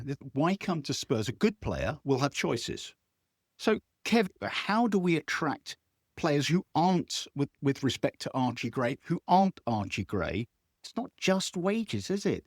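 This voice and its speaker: A man's voice: a little high, no echo, clean studio sound. A man hosting a podcast, putting playful questions to his co-hosts in casual chat. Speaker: podcast host.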